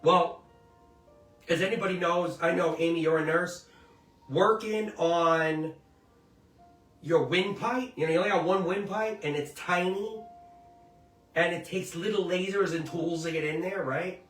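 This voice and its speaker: A middle-aged man with a slightly raised pitch gives casual, emphatic opinion commentary and keeps checking that listeners agree. He rambles into personal stories. He sits a little away from the mic in a roomy, echoing space, and soft music plays underneath. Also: measured pace, long pauses, recorded from a distance. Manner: emphatic, rambling storyteller who seeks agreement. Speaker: host of a commentary show.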